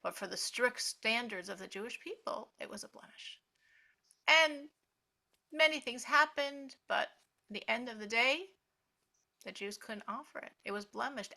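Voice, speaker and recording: A woman teaching a Torah class, telling the story lively and acting out the characters' lines. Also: on the high side, measured pace, vocal fry. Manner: animated, acts out the characters' voices in the story.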